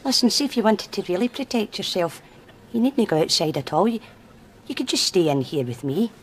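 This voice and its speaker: A Scottish actress playing a lonely, clingy shop assistant who flirts and pleads with a customer. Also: female voice, mid-range voice, big pitch swings, brisk, slight background noise, lightly acted. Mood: pleading. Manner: wheedling, suggestive, pleading.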